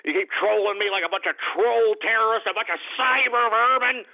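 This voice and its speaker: Furious guy on call-in radio, high gravelly voice, tinny phone-like sound. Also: fairly quick. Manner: ranting, profane, shouting insults at trolls. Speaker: radio show host. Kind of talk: angry call-in radio rant.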